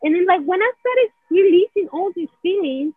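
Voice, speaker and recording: A woman's voice: very high-pitched, animated, moderate pace, no echo. A woman explaining a healing technique in casual conversation, rambling, saying "right?" a lot and acting out feelings in quoted asides. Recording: dry, phone-like narrow sound.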